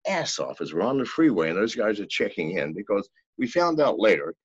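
An older man telling a story as a podcast guest, in a profane, animated way. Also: lowish voice, fairly quick, breathy edge, no echo. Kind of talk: casual storytelling. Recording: dull, lo-fi, dry sound.

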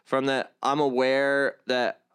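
A man's voice: medium pitch, level tone, fairly bright tone, smooth. A young man, a comedian and activist, talking earnestly in an interview, stopping and restarting his sentences often. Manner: halting, many restarts and fillers, earnest. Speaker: guest, comedian and activist vlogger. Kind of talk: conversational interview.

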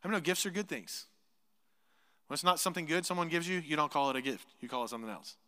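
A man preaching a sermon as pastor, animated, voicing imagined speakers and dropping to hushed asides. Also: fairly high pitch, fast, in a large hall. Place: church sanctuary.

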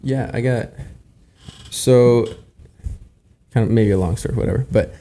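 A worship musician in his twenties speaks earnestly on a casual church panel, rambling and regularly checking in with listeners by tagging lines with "right?". His mid-range voice is warm and a little slow.

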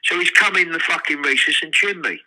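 An older man, telling profane, animated prison stories in an interview. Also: on the high side, brisk, poor audio. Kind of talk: storytelling.

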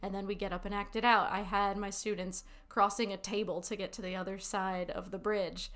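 A woman's voice: medium pitch, flat delivery, a little fast, fairly bright tone. A woman teaching assistant with an improv background, talking expressively and laughing easily in a casual interview.

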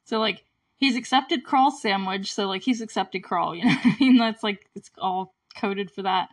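A woman's voice: medium pitch, normal speed. Chatty young woman podcaster. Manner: chatty, full of "like" and "you know", often laughing. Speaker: podcast host recapping a movie. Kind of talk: casual solo chat.

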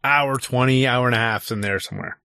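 A man's voice: medium pitch, brisk, creaky, bright, forceful tone, smooth, no echo. Man, brief amused interjections, dry close sound, casual chat.

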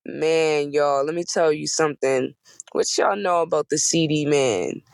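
A woman in her thirties from Boston, hoarse from a cold, hosting a podcast and telling a casual story with slangy, profane, emphatic repetition. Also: sits low, measured pace, dry recording, poor audio. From Boston, USA. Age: 30s. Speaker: podcast host.

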